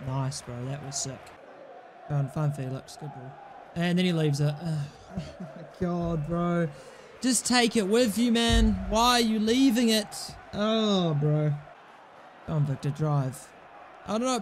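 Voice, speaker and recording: High-voiced man, exasperated game commentary. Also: unhurried, a little hiss or hum. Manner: exasperated, sarcastic, swears a lot. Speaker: gaming channel host. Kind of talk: casual gameplay commentary.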